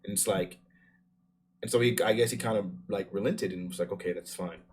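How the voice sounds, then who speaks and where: A man's voice: fairly low pitch, fairly even intonation, brisk, a little hiss or hum. A man streaming live, reacting to a video in an emphatic, argumentative way with frequent restarts. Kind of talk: casual live-stream commentary.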